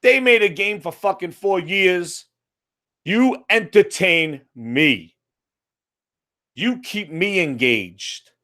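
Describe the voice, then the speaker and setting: Speaking slowly and pausing often, an American man rants about a video game in a high, animated, pushed and bright voice. The gaming commentator's monologue is profane, exasperated and sarcastic.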